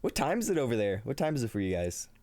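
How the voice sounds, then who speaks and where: A man with a mid-range, slightly mellow voice talks fast, his pitch swinging hugely as he chats casually with his livestream viewers. He's upbeat, laughs often, and reads the chat aloud, though he sounds tired and a little shaky.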